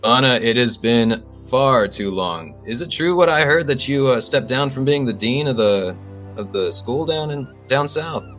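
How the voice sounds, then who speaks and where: A man's voice: medium pitch, normal speed, a bit bright, faint music behind, pitched above the performer's own voice, close to an everyday voice. A man voicing a cocky, grinning male teacher who teases his student in a smug way. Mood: friendly. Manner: teasing, smug.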